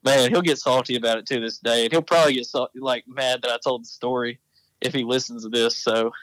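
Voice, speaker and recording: Speaking a little fast in a steady, fairly bright mid-range voice, a Texas man who founded an apparel company swaps hunting tales on a casual podcast. He wanders off track and keeps correcting himself. The sound is poor, though echo-free.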